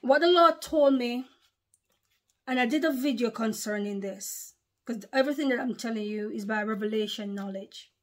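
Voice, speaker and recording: Emphatic preaching woman, higher voice. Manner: emphatic and repetitive, with pauses to recollect. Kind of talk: spoken sermon to a video audience.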